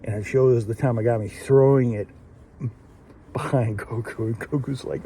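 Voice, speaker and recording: A man's voice: mid-range voice, moderate pace, mellow, slight background noise. A man hosting a casual solo episode review, rambling with many fillers and restarts. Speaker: show host reviewing an anime episode.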